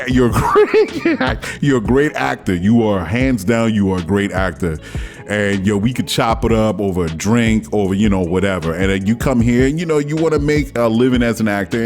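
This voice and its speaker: A man hosting his own podcast, talking casually and excitedly, often breaking into laughter and exclaiming. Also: on the low side. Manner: animated, laughs a lot, exclamatory. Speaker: podcast host. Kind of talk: casual solo commentary.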